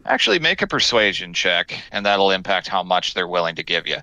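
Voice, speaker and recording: Bright-voiced easygoing man running a game. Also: sits low, very animated, fairly quick, no room sound, rough recording. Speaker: game master. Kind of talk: narrating and running a tabletop game.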